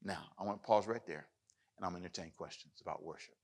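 A man pastor preaching a sermon, rising loud as he reads scripture, then taking questions in church. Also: low voice, quick pace. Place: church hall with live audience.

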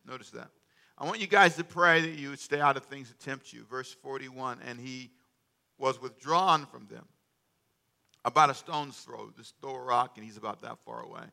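Creaky, bright-voiced male preacher. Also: mid-range voice, normal speed. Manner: call-and-response preaching, rising to loud emphatic bursts; humorous asides to the congregation. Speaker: pastor. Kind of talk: sermon. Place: church sanctuary.

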